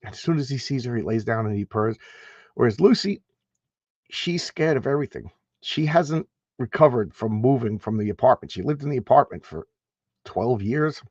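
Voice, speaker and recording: A man's voice: medium pitch, animated, normal speed, a little mellow, slightly rough, no room sound. Guy rambling on his stream, stumbles over words, dry kinda muffled sound. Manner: rambling, stammers and repeats words. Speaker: host. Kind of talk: casual live-stream chat.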